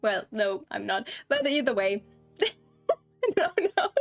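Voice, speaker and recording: Speaking at a slow pace into a desktop streaming mic (no camera), this young female game streamer has a mid-pitched voice that swings widely up and down. She rambles to her chat, giggles constantly and gets embarrassed easily, while faint music runs behind her.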